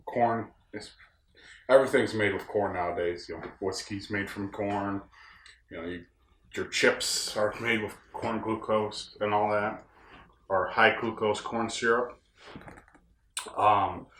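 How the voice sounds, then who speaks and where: A man's voice: lowish voice, a bit bright, a little hiss or hum. A young man from upstate New York hosting a casual solo podcast, talking in a plain-spoken, rambling, folksy way while recorded in a room on a ranch. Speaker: podcast host. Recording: roomy echo.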